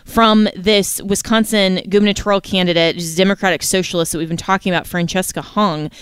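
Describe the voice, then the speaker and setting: A woman hosts a radio talk show in a smooth, resonant voice. The sound is dry and close, with no room around it. She talks emphatically and presses her guest with indignant questions. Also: medium pitch, steady tone, brisk, dry recording.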